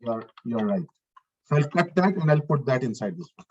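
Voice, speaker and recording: A man's voice: medium pitch, very animated, normal speed, lo-fi sound. A male lecturer giving a live online coding lesson. He talks through each step as he works, repeats his phrases and asks the class questions.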